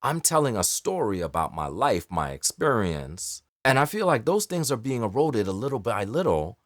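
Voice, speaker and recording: A man with a New York accent, a voice actor speaking to camera in an expressive, emphatic storytelling delivery. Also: mid-range voice, moderate pace, no echo, clean studio sound. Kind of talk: direct-to-camera talk.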